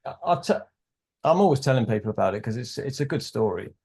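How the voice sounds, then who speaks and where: A man's voice: medium pitch, animated, fast, creaky, a little mellow, slightly rough. A man as a podcast guest, casually telling a rambling story and acting out quoted dialogue.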